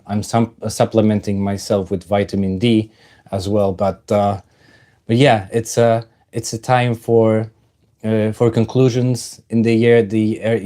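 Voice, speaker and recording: A man hosting a casual livestream, halting with many fillers while he greets viewers in the chat and talks about his own life. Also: lowish voice, warm tone. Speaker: livestream host.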